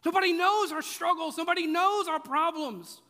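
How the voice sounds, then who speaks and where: Speaking at normal speed in a sharp, very high-pitched voice, this male pastor preaches casually and jokes along the way. He drives each point home by repeating it emphatically, and the church auditorium around him sounds echoey.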